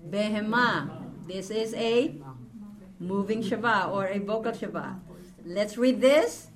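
A woman's voice: medium pitch, slow pace, crowd noise. A woman teaching a language class, patiently repeating words and explaining rules to her students. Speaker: Hebrew teacher.

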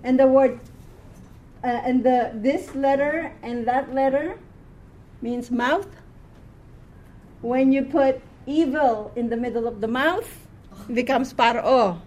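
A woman's voice: high-pitched, steady tone, takes it slowly, long pauses, darkish tone, dull audio. A woman teaching a classroom Hebrew reading lesson, patiently quizzing her students word by word.

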